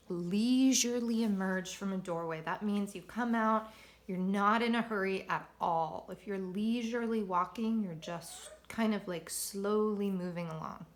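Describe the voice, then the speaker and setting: A woman teacher reading a picture book aloud at home and pausing to explain vocabulary patiently. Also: medium pitch.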